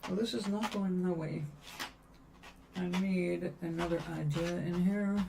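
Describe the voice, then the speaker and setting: A woman's voice: on the low side, fairly even intonation, unhurried, gravelly, noisy background. An older woman chatting casually on a livestream as she paints, musing aloud and answering viewers' questions. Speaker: livestream host. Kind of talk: casual chat while painting.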